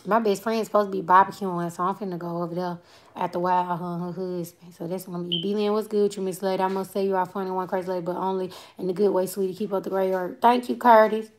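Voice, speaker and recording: A woman's voice: mid-range voice, fairly even intonation, quick pace, a little mellow. A woman in her twenties from Alabama with a Southern accent, chatting loosely and playfully with viewers on a livestream as she reads out their comments. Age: 20s. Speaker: comedian and livestream host. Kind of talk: casual livestream chat reading viewer comments.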